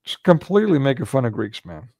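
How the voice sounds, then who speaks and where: A man's voice: mid-range voice, sing-song, fast talker, a little mellow, no room sound. Rambling man hosting a livestream. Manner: rambling, frequent restarts and filler words. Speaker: livestream host. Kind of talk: casual livestream commentary.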